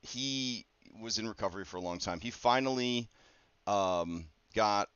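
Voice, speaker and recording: A man working as a game master, talking casually through his campaign prep in a rambling, conversational way with many fillers and quick asides. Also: fairly low pitch, fairly bright tone, smooth, no room sound. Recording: dull, dry lo-fi recording.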